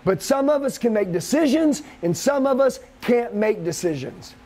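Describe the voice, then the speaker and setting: A man with a high voice drives a live sales seminar for a room of trainees. He rants, swears and pushes them hard, with no letup in his pressure. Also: animated, normal speed, dark tone. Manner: profane, aggressive, hyped-up lecturing.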